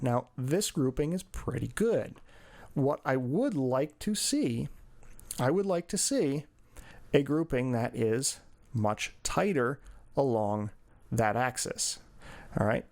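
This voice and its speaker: A man's voice: mid-range voice, creaky, a little mellow. A cycling coach talking through training data charts in a screen-share lesson, explaining as he goes with many fillers.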